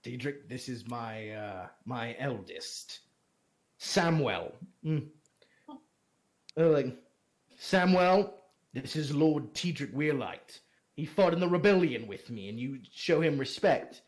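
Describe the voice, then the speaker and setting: A man voicing a gruff older military lord who is blunt, contemptuous and swears freely. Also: mid-range voice, expressive, takes it slowly, voice pushed down. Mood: stern.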